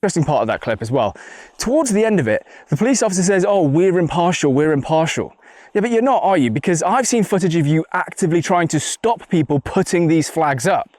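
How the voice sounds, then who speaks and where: A man's voice: high voice, big pitch swings, quick pace, darkish tone, no echo. A man delivering blunt, combative video commentary.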